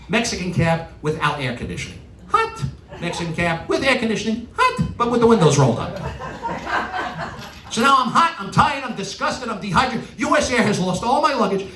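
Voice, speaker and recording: Middle-aged male stand-up with a New York accent, exasperated ranting delivery; recorded from a distance in a roomy live venue. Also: high voice. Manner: animated punchline delivery with exasperated rants. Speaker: stand-up comedian. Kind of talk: stand-up comedy routine. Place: stage in a large venue with a live audience. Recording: roomy live hall from a distance, audience noise. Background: audience laughter and applause.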